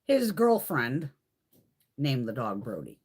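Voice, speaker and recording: A woman chats on her beauty live stream from home, telling stories bluntly and swearing freely. Her voice sits low and a bit husky, and it swings widely in pitch as she gets going. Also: very animated, takes it slowly, a little mellow. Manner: profane, blunt storytelling. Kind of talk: casual chat on a live stream.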